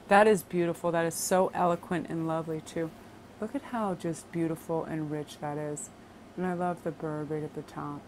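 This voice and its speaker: Woman doing a chill tarot reading for her viewers, kinda low voice, keeps gushing about how pretty everything is. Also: steady tone, normal speed, a little mellow, a little hiss or hum. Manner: gushing, admiring, talks to viewers as "you guys". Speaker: tarot reader.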